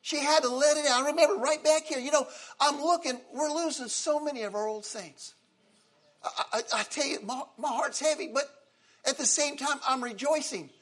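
An older man preaching a sermon, emotional, swinging from loud exclaiming to soft, quiet lines. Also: very high voice, moderate pace. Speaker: pastor.

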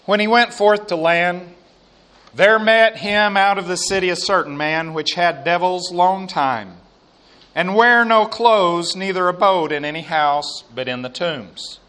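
A man preaching a sermon and reading scripture aloud, slow and emphatic, with quiet asides. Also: high voice.

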